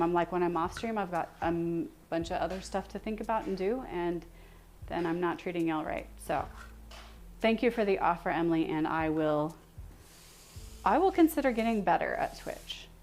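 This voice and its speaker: A woman's voice: fairly low pitch, moderate pace, darkish tone. Young woman rambling to her stream chat in the kitchen, giggly, self-deprecating, some faint hiss behind. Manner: chatty and self-deprecating, laughs often. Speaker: livestream cooking host. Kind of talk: casual chat with live viewers while cooking. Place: home kitchen.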